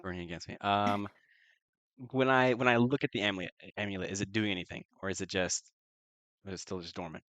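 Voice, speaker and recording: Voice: sits low, fairly even intonation, a little fast, fairly bright tone, dry recording. A player in a tabletop game who talks hesitantly with many fillers and laughs often. The recording is dry, with no room sound.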